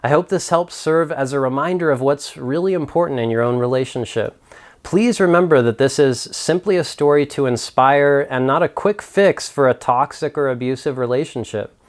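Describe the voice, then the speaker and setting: A man's voice: medium pitch, normal speed. A man hosting a mental health video, narrating a story and reflecting earnestly in a scripted delivery.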